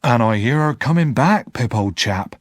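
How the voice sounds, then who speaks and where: A man voicing a big, gentle, simple blacksmith who speaks kindly. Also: mid-range voice, animated, moderate pace, no room sound, clean studio sound, close to an everyday voice.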